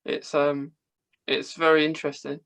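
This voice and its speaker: A man's voice: on the high side, monotone, moderate pace, a bit bright, smooth, rough recording. A man speaking as a podcast guest in casual chat, hesitant and full of fillers and restarts.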